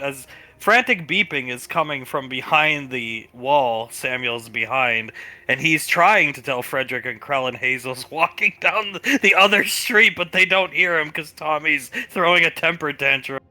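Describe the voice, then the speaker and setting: Game master, man, animated high voice, dry close sound. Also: moderate pace, dry recording. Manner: lively, laughing, switches voices. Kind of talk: narrating a tabletop game.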